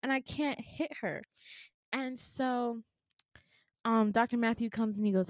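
On a podcast she co-hosts, a woman recounts a dream in casual chat, voicing the people in it with swearing and laughter. Her voice is a little high and moderately paced, recorded clean in a studio with no room sound. She's animated throughout.

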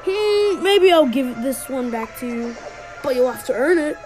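A woman voicing a cruel, theatrical dark lord villain in a video game, hammy and menacing with evil laughs. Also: sits high, animated, unhurried, soft background music, low-quality recording. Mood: taunting.

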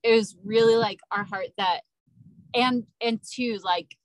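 A woman's voice: on the high side, a little slow, dry recording, rough recording. A woman guest on a podcast, speaking casually and hesitantly with lots of fillers. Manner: hesitant, many likes and restarts. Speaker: guest, ministry business co-founder.

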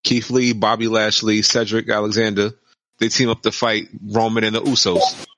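A man casually pitching wrestling storylines in quick, matter-of-fact beats. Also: flat delivery, a bit bright, dry recording, rough recording. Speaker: wrestling podcast co-host. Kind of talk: casual chat.

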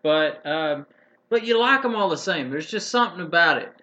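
A man's voice: fairly high pitch, expressive, normal speed, pushed and bright. A man co-hosting a podcast, telling a long rambling story in a folksy, casual way. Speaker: podcast co-host. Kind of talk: casual chat. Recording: dull lo-fi podcast audio with faint hiss.

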